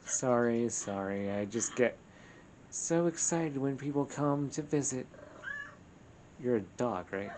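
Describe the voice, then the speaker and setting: Man voicing an excitable friendly dog, bubbly, gushing, game voice, noisy background. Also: mid-range voice, takes it slowly, long pauses, close to an everyday voice. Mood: excited. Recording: background noise.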